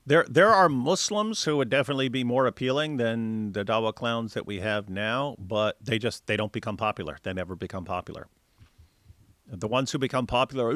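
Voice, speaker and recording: A man hosting a casual panel chat, blunt and mocking, reading out viewer comments with animated asides. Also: medium pitch, brisk, no room sound, studio quality. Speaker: show host.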